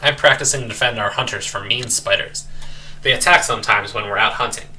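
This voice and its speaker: A man's voice: lowish voice, a little fast, bright, forceful tone, far from the mic. A man doing a proud cockroach fighter. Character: proud young male cockroach fighter, earnest.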